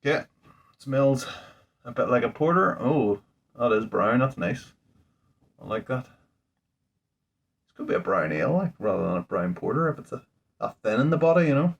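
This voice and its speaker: A man's voice: mid-range voice, expressive, moderate pace, vocal fry, long pauses, husky. A man, a home brewer, talking casually through a beer tasting in a rambling, thinking-aloud way, indoors at home. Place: indoors at home under a ring light.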